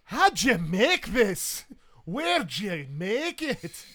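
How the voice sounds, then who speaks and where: A man voicing a huge, bearded, boisterous male highland warrior in a tabletop game, hearty and rowdy with a put-on folksy accent. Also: moderate pace, close to an everyday voice.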